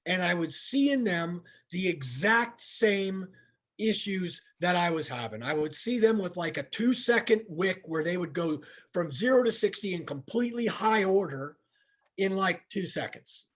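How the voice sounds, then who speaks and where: A man's voice: high-pitched, lively intonation, a little slow. A middle-aged man, an instructor, giving a candid, plainspoken training talk and retelling conversations, often restarting his sentences. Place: training session room.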